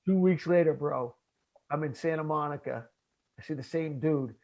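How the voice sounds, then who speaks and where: Animated storytelling man, lo-fi sound. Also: fairly high pitch, moderate pace, gravelly. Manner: animated, acts out his own past lines, says bro. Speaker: podcast host. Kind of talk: casual storytelling conversation.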